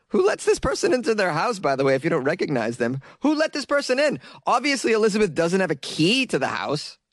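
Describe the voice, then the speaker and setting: A man's voice: high-pitched, wildly swooping pitch, a little fast, no room sound. A young man hosting a comedy show, stoned and giggly, riffing sarcastically on odd news stories. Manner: laid-back, giggly, sarcastic.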